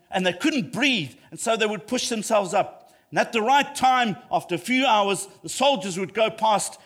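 A man's voice: high-pitched, a bit bright. A man preaching a sermon, emphatic and repeating lines for effect, rising to passionate peaks.

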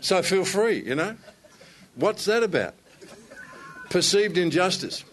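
A man's voice: sits high, expressive, slow pace, a little hiss or hum. A man speaking to other men in a conversational sermon, telling stories with self-deprecating humor.

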